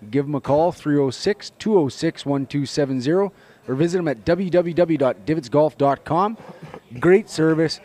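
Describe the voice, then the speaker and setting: A man co-hosting a casual podcast, relaxed, often trailing off quietly. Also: fairly high pitch, normal speed. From Canada. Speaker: podcast co-host. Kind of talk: casual chat.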